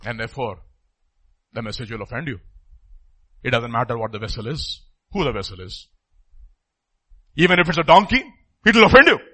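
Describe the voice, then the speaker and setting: A middle-aged man preaching a sermon, emphatic, repeating phrases and swinging between loud and soft. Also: medium pitch, expressive, brisk, long pauses, poor audio.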